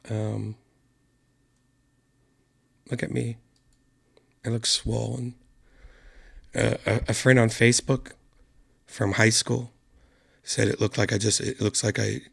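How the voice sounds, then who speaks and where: A man hosting his own online show, hoarse from a lost voice and talking quietly and softly to spare it. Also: fairly low pitch. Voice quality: gravelly. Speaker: podcast host. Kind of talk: casual solo stream chat.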